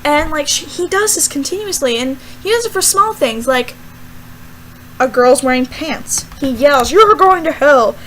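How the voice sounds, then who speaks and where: A young woman, a student, rambling casually through a Bible verse vlog with lots of fillers and animated asides. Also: high voice, a little slow, slight background noise, rough recording. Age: young adult. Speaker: student vlogger.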